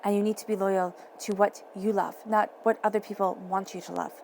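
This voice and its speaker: A woman giving a tarot reading from home, her voice gravelly with a touch of fry at mid pitch. She speaks softly and encouragingly and repeats phrases for emphasis. A faint hiss sits behind her. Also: flat delivery, fairly quick. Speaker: tarot reader.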